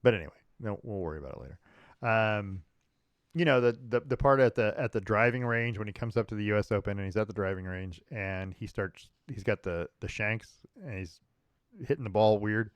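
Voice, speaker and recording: A man's voice: fairly low pitch, fairly quick, smooth, no echo. A man co-hosting a sports podcast, chatting casually with many fillers and restarts. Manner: rambling, frequent restarts and fillers, chuckling. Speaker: podcast co-host.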